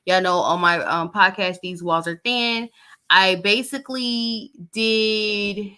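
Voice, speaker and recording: A woman's voice: mid-range voice, slow pace, pushed and bright, clear, resonant tone. A woman podcast host, reading posts aloud and giving blunt, sarcastic gossip commentary in a casual way.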